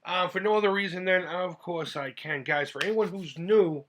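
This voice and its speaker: A man's voice: high voice, normal speed, a bit bright, a little hiss or hum. A middle-aged man from the United States who hosts a retro gaming channel, talking in a chatty, heartfelt vlog style that rambles and restarts. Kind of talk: casual vlog talk.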